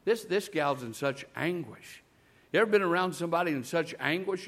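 A man delivering a lively sermon, weaving true stories and asking the congregation to respond. His voice sits a touch high for a man and swings widely between loud, high-pitched punch lines and quiet, low asides. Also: a little fast. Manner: animated storytelling preacher, calls out to the congregation. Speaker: guest preacher.

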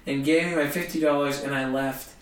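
A man, a comedian, telling a story in an animated, self-mocking way in conversation. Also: medium pitch, brisk, roomy sound, far from the mic, slight background noise. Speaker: comedian guest.

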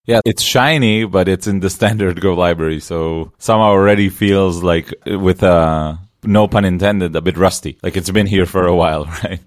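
A man's voice: low voice, moderate pace, few pauses, dry recording, studio quality. A man co-hosting a podcast, chatting in a loose, joking way full of fillers. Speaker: podcast co-host. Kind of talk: casual tech podcast chat.

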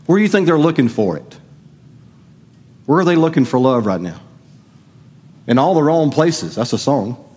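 A man's voice: fairly high pitch, big pitch swings, normal speed, long pauses, a little mellow, breathy edge. A middle-aged man preaching a sermon as pastor, conversational and asking the congregation questions. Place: church sanctuary. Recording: long hall reverb.

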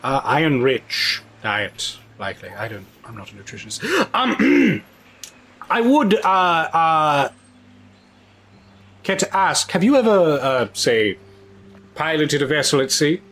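Husky man playing a prim elf. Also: on the high side, sing-song, a little slow, pauses often, bright, forceful tone. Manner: plays a prim, formal elf with a posh drawl. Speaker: player. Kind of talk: tabletop role-play, in and out of character.

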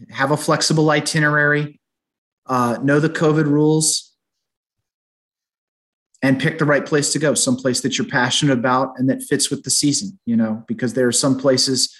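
A man hosts a casual podcast chat with a mid-range voice. He sums up advice in brisk, list-like runs. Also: medium pitch, a bit bright. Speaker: podcast host.

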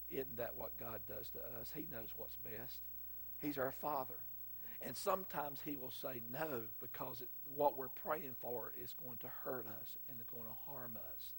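A middle-aged Southern preacher with a husky, slightly breathy voice at an ordinary pitch. He tells homespun stories in a folksy drawl and breaks into loud emphatic bursts. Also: normal speed. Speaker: pastor. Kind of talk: sermon.

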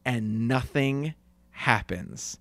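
A man's voice: mid-range voice, extremely slow, gravelly, fairly bright tone, no room sound. A man co-hosting a casual chat, telling a story about himself in an earnest, self-deprecating way and laughing between lines. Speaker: podcast co-host.

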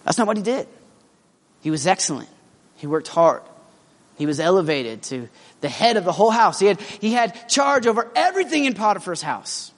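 A man preaching a sermon in a casual, animated storytelling manner, acting out his characters' lines, with lots of fillers and restarts. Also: sits high, long reverb tail.

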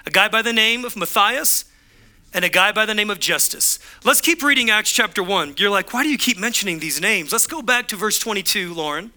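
A man's voice: sits high, animated, fairly quick, bright, forceful tone. A man preaching a sermon as pastor, driving home points with punchy repeated phrases and acting out the voices in his stories.

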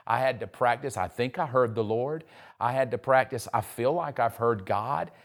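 A man's voice: medium pitch, normal speed. A man pastor preaching conversationally, acting out the voices of people he quotes. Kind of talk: sermon.

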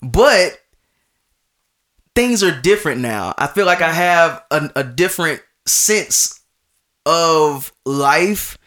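A man's voice: a little high, slow pace, long pauses. Young man telling a story animatedly. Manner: animated, acts out quoted voices, many restarts. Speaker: podcast host. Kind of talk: casual storytelling.

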